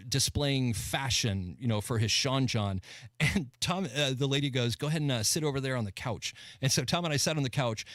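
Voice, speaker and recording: A man's voice: mid-range voice, a bit bright, no room sound. A man guest co-hosting a radio talk show, telling anecdotes in casual chat and laughing between lines. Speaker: guest co-host. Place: radio studio.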